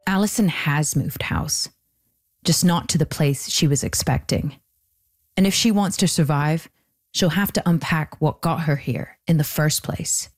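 A woman hosting a documentary podcast, reading scripted narration in a measured way. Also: sits low. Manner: measured, even storytelling delivery.

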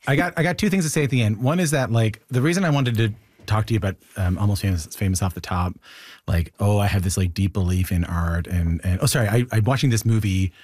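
Fast-talking lower-voiced male host. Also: darkish tone, no echo. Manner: rapid, rambling, restarts thoughts. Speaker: interview host. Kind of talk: conversational interview.

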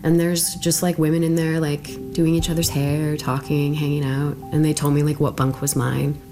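A young woman with a low voice recounts her story casually, in a loose, chatty way. She jumps into a higher voice whenever she quotes someone, and music plays clearly underneath. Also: level tone, normal speed. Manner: loose and chatty, acts out what others said in a higher voice. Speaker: interviewee.

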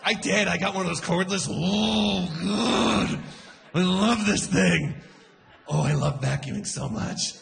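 A man in his forties doing a stand-up comedy set, shouting character voices for punchlines. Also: high-pitched, takes it slowly, creaky.

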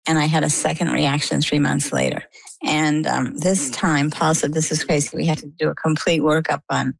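A woman from Maine, an interview guest, telling a personal story with lively storytelling and acted-out dialogue. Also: low-pitched, moderate pace, vocal fry, low-quality recording. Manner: animated storytelling, acts out quoted dialogue.

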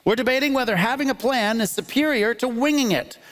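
A man hosting a live comedy debate show on a theatre stage, quick and quippy, laughing between his lines. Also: very high voice, a bit bright, big-room sound. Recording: live audience laughter and ambience.

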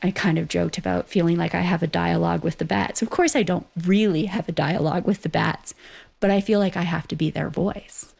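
A woman's voice: lowish voice, fairly even intonation, fairly quick, gravelly, darkish tone, slightly rough. A woman rancher speaking earnestly and from the heart in an interview.

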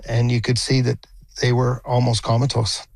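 An older man, a retired airline captain, slowly recounting a rescue at sea with pauses. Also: medium pitch, monotone, gravelly, a little mellow, no room sound. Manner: slow and plain, with pauses.

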